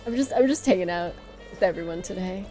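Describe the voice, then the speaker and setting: A woman's voice: on the low side, animated, quick pace, mellow, soft background music. A woman streamer chatting casually on a livestream, playful and giggly, rambling as she talks.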